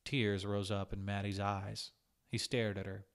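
A man narrating a short story in a calm, measured reading. His voice sits a little low and steady. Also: clear, resonant tone. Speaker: reader.

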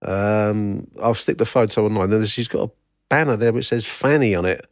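A man's voice: lowish voice, moderate pace, dry recording, clean studio sound. A middle-aged man from England hosting a solo podcast, talking in a wry, rambling way full of fillers and restarts. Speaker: podcast host. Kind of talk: casual solo podcast commentary.

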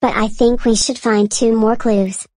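A man voicing a cheerful small red furry monster child in a high squeaky falsetto on a children's puppet show. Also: level tone, a little slow, loud music behind the voice. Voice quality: high squeaky falsetto, speaks of himself by name.

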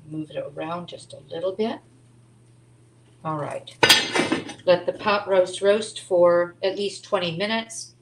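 A woman's voice: on the low side, roomy sound, heavy background noise. A woman teaching a live online cooking class from her home kitchen, chatting and making asides as she cooks.

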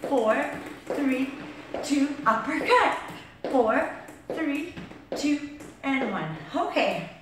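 A woman's voice: sits high, lively intonation, very slow, pauses often, background noise. A woman fitness instructor demonstrating a workout, counting reps aloud while exercising and getting out of breath. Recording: echoey room, far from mic.

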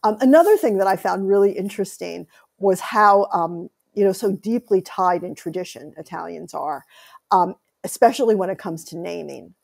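Gravelly-voiced woman telling stories. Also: mid-range voice, normal speed. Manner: animated storytelling, laughs often. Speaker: author, interview guest. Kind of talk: conversational interview.

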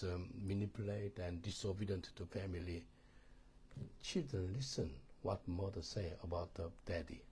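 A man's voice: lowish voice, dark tone, a little hiss or hum. A middle-aged man with a Korean accent, a pastor teaching a marriage course in sermon style, emphatic and repetitive, often checking that listeners understand.

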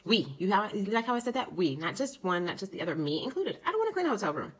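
A woman's voice: mid-range voice, very animated, fast talker, breathy edge, low-quality recording. A young woman vlogger delivering an indignant, sarcastic political rant to her camera. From United States.

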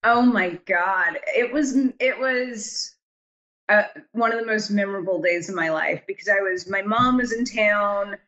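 A woman speaks at an ordinary middle pitch as an interview guest. She tells her story in a chatty flow with many fillers. She slips into quoted voices as she recounts what people said. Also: measured pace, fairly bright tone, dull audio. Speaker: writer and director, guest.

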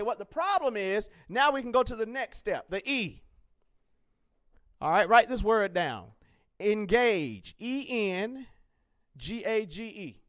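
A man's voice: extremely high pitch, fairly bright tone. A man teaching a leadership lesson to teens at a camp, asking the group questions, spelling words out and repeating key points with emphasis. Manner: call-and-response questioning, emphatic and repetitive; encouraging, jokes with students. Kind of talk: interactive classroom teaching.

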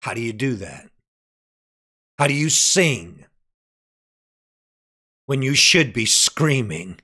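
Fervent male preacher, slow and lively. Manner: fervent preaching, swinging from hushed low lines to shouted climaxes; calls out "Amen?" to the congregation. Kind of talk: sermon.

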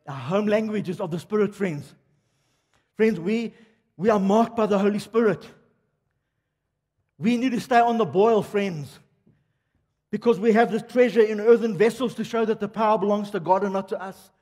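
An older preacher, animated and conversational, who keeps putting questions to his listeners. His voice sits high and slightly raspy. It carries through a church hall with a long, echoing reverb. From South Africa. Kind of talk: sermon.

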